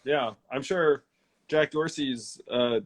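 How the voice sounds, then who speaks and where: A man in his forties chats on a live video stream from his house. He rambles casually, starting sentences over and filling gaps with ums. His voice sits at an ordinary, middle pitch. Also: takes it slowly. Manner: relaxed, rambling, many fillers and restarts. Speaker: host of an Instagram live Q&A. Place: his home.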